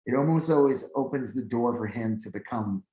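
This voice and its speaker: A man's voice: medium pitch, fairly quick. A man co-hosting a podcast, chatting casually and rambling with many fillers. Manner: rambling, filler-heavy, animated when excited. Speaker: podcast co-host. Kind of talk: casual chat. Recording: echoey room.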